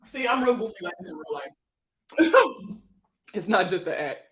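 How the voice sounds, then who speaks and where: A woman hosting a casual livestream, telling stories in an animated, slangy way and laughing often. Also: on the low side, normal speed, reverberant, low-quality recording. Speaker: financial educator hosting a livestream.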